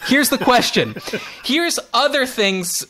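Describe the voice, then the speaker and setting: A man's voice: extremely high pitch, slow pace, slight background noise. A man from Montreal hosting a podcast, chatting casually and laughing as he sets up his questions. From Montreal, Canada. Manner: animated, laughs while setting up questions. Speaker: podcast host.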